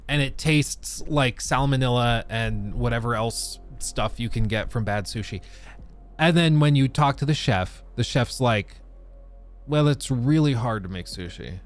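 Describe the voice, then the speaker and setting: A man hosting a casual livestream, ranting about games and answering chat. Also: mid-range voice. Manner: ranting, animated, reads chat aloud. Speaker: livestream host. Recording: faint music behind.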